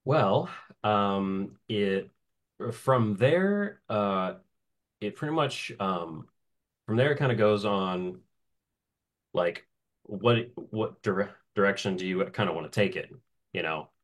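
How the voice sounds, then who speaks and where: A man's voice: on the low side, expressive, slow pace, pauses often. A man who works as a voice actor, telling stories in a casual interview and laughing often between phrases. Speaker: voice actor guest.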